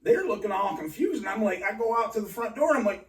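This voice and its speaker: A man telling a rambling personal story in an agitated, halting way, full of restarts and swearing. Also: high voice, animated. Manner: profane. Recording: roomy and distant from mic.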